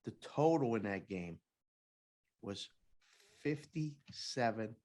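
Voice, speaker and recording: Animated man telling a sportsbook story. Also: mid-range voice, normal speed. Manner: animated storyteller who acts out quoted people. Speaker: podcast co-host, former sportsbook oddsmaker. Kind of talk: casual chat, storytelling.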